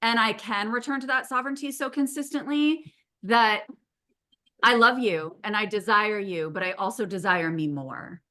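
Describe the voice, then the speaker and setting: A middle-aged woman hosts a relaxed podcast conversation. Her voice is bright and forward. She tells stories with animation and swears casually. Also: mid-range voice, moderate pace. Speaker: podcast host.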